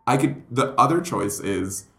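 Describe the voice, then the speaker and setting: A man's voice: medium pitch, lively intonation, moderate pace, vocal fry, a bit bright. A young man, a comedian and podcast guest, chatting casually and rambling through stories, acting out quoted voices. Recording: roomy echo.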